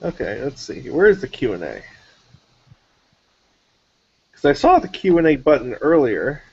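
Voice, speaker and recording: Husky laid-back man on a lo-fi stream. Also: fairly high pitch, big pitch swings, brisk, a little mellow. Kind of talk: casual banter.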